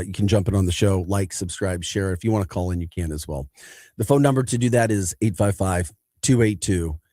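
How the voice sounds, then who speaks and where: A man with a St. hosting a morning sports talk show. His voice sits low and he hammers his opinions with emphasis, laughing between points. The studio sound is close and dry. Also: darkish tone, no echo. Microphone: studio mic.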